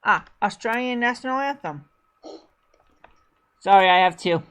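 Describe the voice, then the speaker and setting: A chatty woman hosts a casual talk show. Her voice sits at an ordinary middle pitch. She rambles along and keeps correcting herself. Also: animated, a little slow, long pauses, a bit bright. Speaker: podcast host. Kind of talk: casual chat.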